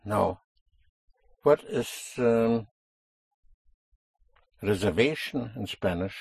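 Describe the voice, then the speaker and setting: A man's voice: on the low side, lively intonation, very slow, creaky, a little mellow, breathy edge, no echo. A man teaching a language lesson, explaining a stress rule patiently and stressing key words.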